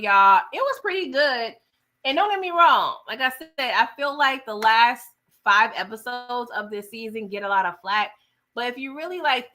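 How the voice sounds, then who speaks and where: A woman's voice: mid-range voice, sharp tone. A woman hosting a casual TV recap, retelling scenes in a chatty, slangy way. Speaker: TV recap host.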